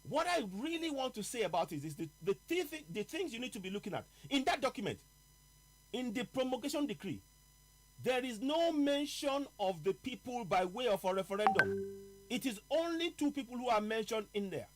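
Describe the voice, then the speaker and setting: A man. He speaks with emphasis, slowing down and repeating his main points so they land. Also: very high voice, sing-song, soft background music, poor audio. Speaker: host. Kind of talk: live political talk broadcast.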